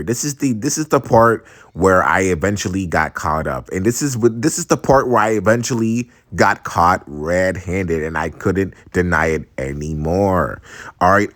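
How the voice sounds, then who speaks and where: A young man in his twenties telling a funny personal story in a casual, slangy and animated way. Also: fairly low pitch. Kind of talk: storytime vlog.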